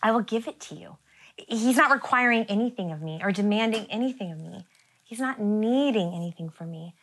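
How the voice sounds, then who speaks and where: Soft-spoken woman pastor preaching. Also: medium pitch. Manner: earnest, soft-spoken, drops to near whispers; laughs lightly between phrases. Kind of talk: sermon.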